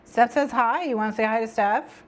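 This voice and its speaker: A woman's voice: on the high side, moderate pace. A woman hosting a co-working stream, chatting with viewers and her cat, giggling and repeating herself. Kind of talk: casual stream chat.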